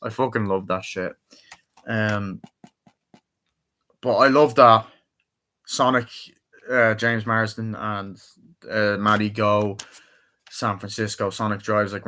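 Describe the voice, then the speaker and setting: A man's voice: lowish voice, fairly even intonation, slow, pauses often, bright, forceful tone. A young man chatting casually through a movie review, rambling and swearing freely as he retells favorite scenes.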